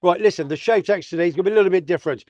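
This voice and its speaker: A man's voice: high voice, rapid-fire, a little mellow, no room sound, dull audio. A man hosting a casual sports roundup vlog, full of jokey banter and slang. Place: south of Tenerife.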